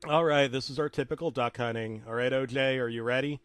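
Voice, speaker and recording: A man voicing a grumpy middle-aged hunter who talks in a flat, weary grumble. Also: medium pitch, brisk, clear, resonant tone, no room sound, close to an everyday voice.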